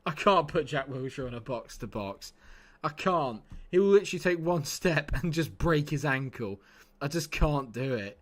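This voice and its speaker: A man's voice: fairly high pitch, expressive, normal speed, a bit bright. A man commenting casually on his live game stream, chatty and swearing freely as he talks to his chat.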